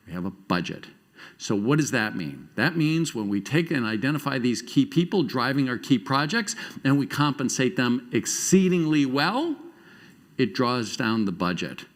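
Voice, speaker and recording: A middle-aged man speaks from a conference stage, his pitch rising and falling freely as he tells stories. His delivery keeps jumping between loud, quick bursts and slow, quiet asides. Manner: animated storytelling with quick shifts in loudness and pace. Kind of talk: conference keynote talk. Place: conference stage before a live audience.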